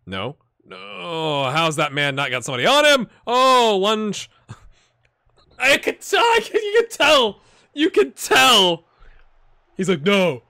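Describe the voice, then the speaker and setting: A man hosting a gaming channel, giving excitable let's-play commentary, cheering on his players and thinking out loud. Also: high voice, takes it slowly, gravelly, no room sound, studio quality. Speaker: video game channel host.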